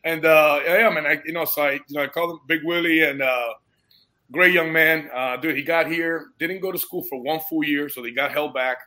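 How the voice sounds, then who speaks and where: A man, a guest and foster parent, telling a story in animated casual conversation, dropping dude and bro and getting emotionally moved. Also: a little high, brisk.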